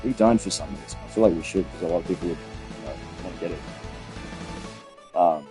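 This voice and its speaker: Low-voiced Australian teen streamer ranting. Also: male voice, brisk, music in the background, poor audio. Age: late teens. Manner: rambling, heated storytelling with frequent restarts and swearing. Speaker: gaming streamer. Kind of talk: casual stream chat.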